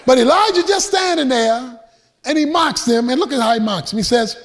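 A man preaching a sermon, shouting with emphasis in a sing-song cadence and adding humorous, folksy asides. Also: very high-pitched, animated, a little fast.

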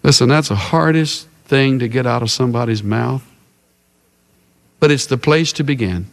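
A man preaching a sermon in a dramatic, emphatic way, slowing down and dropping his voice for emphasis. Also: mid-range voice, creaky. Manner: dramatic and emphatic, with big swings in loudness and pace. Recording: long reverb of a large hall.

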